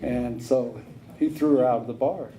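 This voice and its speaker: Plainspoken man telling his story with a mellow voice. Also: medium pitch, normal speed, a little hiss or hum, low-quality recording. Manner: plainspoken storyteller, drawling with frequent "uh" and "you know". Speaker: AA speaker sharing his story. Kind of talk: recovery meeting talk.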